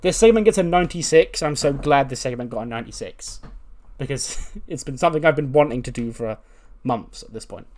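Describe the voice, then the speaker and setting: A man at a middling pitch narrates his wrestling management game run in loose, casual commentary. He rambles through it with plenty of ums and restarts. He also voices the wrestlers himself. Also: expressive, a little fast, a little mellow. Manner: rambling, filler-heavy, chuckling. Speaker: let's-play host.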